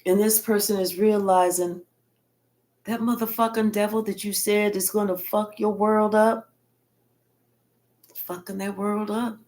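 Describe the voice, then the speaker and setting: A woman's voice: mid-range voice, little pitch movement, a little slow, pauses often, a little mellow. A woman giving a casual tarot reading in a blunt, colloquial manner with frequent cursing. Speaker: tarot reader.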